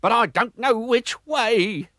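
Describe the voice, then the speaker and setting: A blustering, clumsy old pirate captain who roars every line, as a male narrator puts him on. The voice sits well above the reader's own and swings widely, with a gruffer, altered tone. It stays close and dry in the way of a storybook cartoon. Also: fairly high pitch, very animated, unhurried, bright, forceful tone, no echo, voice pushed up, exaggerated voice. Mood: wailing. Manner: roaring, bellowing exclamations.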